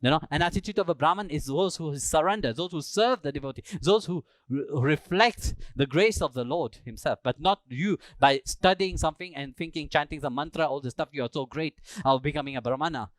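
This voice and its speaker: A male spiritual teacher telling a sacred story during a live talk in a temple, acting out the characters with animated delivery. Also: a little high, fairly quick, hardly any pauses, no echo. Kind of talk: storytelling sermon.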